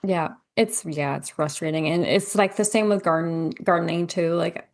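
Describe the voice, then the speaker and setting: A woman's voice: fairly low pitch, moderate pace, no echo. A woman guest on a podcast, a gardener who chats casually, fills her talk with "like" and acts out quoted lines with animation. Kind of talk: casual chat.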